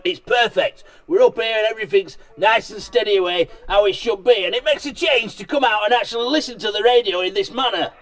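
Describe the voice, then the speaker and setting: A man talking bluntly and swearing as he vlogs about radio from his vehicle on a hilltop. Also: high voice. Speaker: radio hobbyist vlogger. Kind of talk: casual ranting vlog. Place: vehicle parked on a hilltop outdoors.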